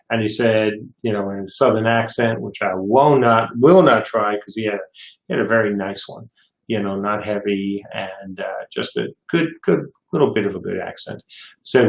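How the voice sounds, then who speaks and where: Older male studio head for a livestream Q&A, gravelly voice, reads viewer questions aloud and rambles through anecdotes, recorded in an echoey room. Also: fairly low pitch, fairly even intonation, normal speed. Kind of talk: casual livestream Q&A. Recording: roomy echo.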